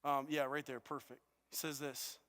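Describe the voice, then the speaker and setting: Earnest pastor in a reverberant hall. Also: male voice, mid-range voice, flat delivery, normal speed, sharp tone, smooth. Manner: earnest, with frequent stammered restarts and repetitions. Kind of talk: sermon. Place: church auditorium. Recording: long reverb of a church hall.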